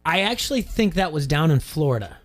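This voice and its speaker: A young man co-hosting sports talk radio with an easygoing, wry delivery and a slightly high voice. He teases his partner in relaxed banter. Faint music sits in the background. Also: brisk.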